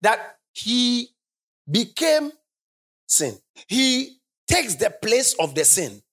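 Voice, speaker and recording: Emphatic preacher, lively sweeping intonation, mid-pitched voice, repeats key lines and asks the congregation to answer back. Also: drawn-out words. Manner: call-and-response with the congregation; emphatic, repeats phrases for stress. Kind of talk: sermon. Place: church service.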